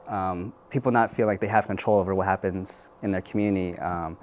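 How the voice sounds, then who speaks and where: A man, a community organizer guest in a news interview, answering in a measured, thoughtful way with frequent fillers. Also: deep voice, fairly even intonation, darkish tone, a little hiss or hum.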